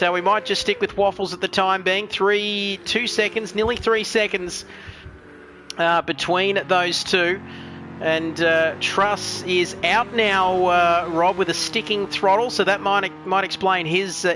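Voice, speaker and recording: Man, race commentator, high pitch, bright tone, chatty, faint hiss. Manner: chatty, joking, reads chat messages aloud. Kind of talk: sim racing commentary.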